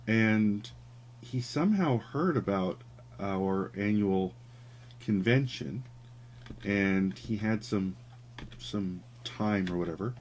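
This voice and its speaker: Low-voiced man chatting while he draws. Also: a little hiss or hum. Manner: rambling, warm storytelling with many fillers. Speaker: caricature artist streaming his drawing. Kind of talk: casual chat while drawing.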